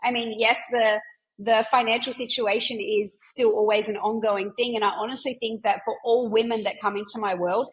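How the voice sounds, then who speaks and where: A woman business mentor hosts a relaxed podcast conversation, her voice sitting a little high. She talks in an emphatic, encouraging way, peppering her sentences with fillers and the odd swear word. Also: normal speed, low-quality recording. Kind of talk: casual conversational coaching chat.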